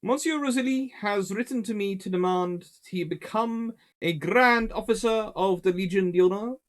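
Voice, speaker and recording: A man's voice: sits high, moderate pace, voice pushed up, natural voice. A man voicing a haughty French emperor in a nasal put-on French accent, dictating a formal letter. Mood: imperious. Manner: imperious, stiff, formal.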